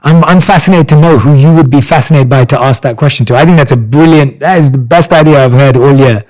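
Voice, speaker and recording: A man's voice: medium pitch, fast talker, darkish tone, low-quality recording. A man in his thirties hosting a podcast interview, earnest and encouraging, with frequent affirmations. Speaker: podcast host. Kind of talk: conversational interview.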